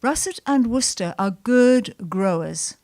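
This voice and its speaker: A woman voicing a terse older male farmer with a slow Kentish drawl. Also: fairly high pitch, lively intonation, a little mellow. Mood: matter-of-fact.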